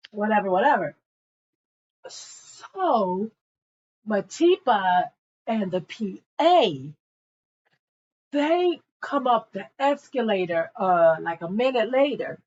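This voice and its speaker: A woman's voice: medium pitch, big pitch swings, slow, long pauses, darkish tone, dull audio. A young woman casually recapping a TV episode in a gossipy way, with frequent asides to her viewers. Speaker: TV show reviewer.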